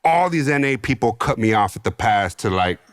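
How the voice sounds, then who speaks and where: A man from San Diego, a podcast guest, telling his own story in an animated, slangy way with free swearing. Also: mid-range voice, a little fast, dry recording, clean studio sound. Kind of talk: casual storytelling.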